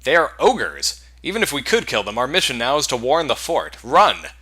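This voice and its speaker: A man's voice: mid-range voice, huge pitch swings, normal speed, bright, forceful tone, slightly rough, heavily acted. A man voicing a cautious male scout in a fantasy game, speaking in terse, urgent warnings. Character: wary male human scout, grim and cautious.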